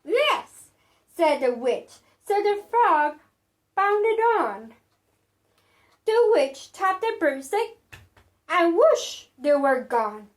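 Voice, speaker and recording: A woman reading a picture book aloud to children in an expressive, sing-song way. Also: extremely high pitch, drawn-out words, pauses often. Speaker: children's storyteller.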